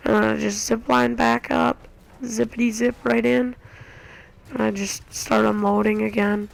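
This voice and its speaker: Woman gamer, gravelly voice, slightly high, excitable, casual gameplay commentary. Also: a little slow, poor audio. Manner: excitable, acts out own reactions. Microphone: console share recording.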